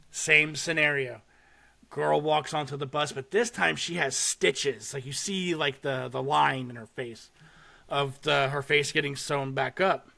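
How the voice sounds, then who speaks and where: A young man hosting a podcast, casually and excitedly retelling a short horror film with swearing and laughter. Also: a little high, vocal fry. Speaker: podcast host. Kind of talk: casual chat.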